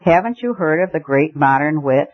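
A man reading aloud as an excitable, flustered elderly aristocrat who gushes in raised, exclamatory tones. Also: a little high, moderate pace. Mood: excited. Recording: muffled lo-fi recording.

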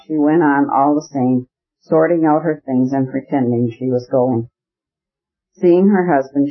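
A man reading a classic novel aloud as an audiobook narrator, steady and measured, in a muffled lo-fi recording. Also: on the high side.

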